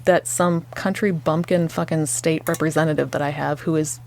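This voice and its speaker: A woman's voice: low-pitched, moderate pace, creaky, a little hiss or hum. Exasperated woman telling a story. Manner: animated storytelling, acting out the people she quotes, swears freely. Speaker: podcast co-host. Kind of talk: casual podcast chat.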